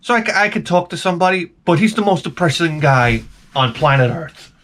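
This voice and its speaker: A man's voice: on the high side, expressive, fairly quick, fairly bright tone. A man rambling through a comic monologue to camera, jumping between tangents and restarting his sentences. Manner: tangent-prone rant, frequent stammered restarts. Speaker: vlogger.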